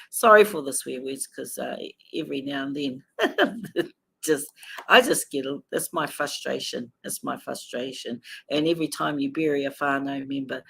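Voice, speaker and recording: A woman's voice: deep voice, creaky, fairly bright tone, slightly rough. A middle-aged woman with a New Zealand accent, talking emotionally and angrily to viewers on a live stream from a hospital, swearing as she talks to them. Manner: angry, swearing, addressing viewers directly. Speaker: livestream host.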